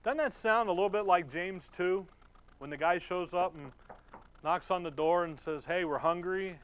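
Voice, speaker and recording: A man preaching a Bible-study sermon in a conversational, folksy way, laughing often and reading scripture slowly and deliberately. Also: sits high, a bit bright. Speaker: pastor.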